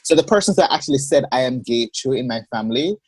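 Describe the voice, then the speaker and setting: A man, a podcast guest on a video call, telling a personal story in a measured, expressive way. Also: mid-range voice, husky, dry recording. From Jamaica. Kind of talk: personal storytelling in a casual interview.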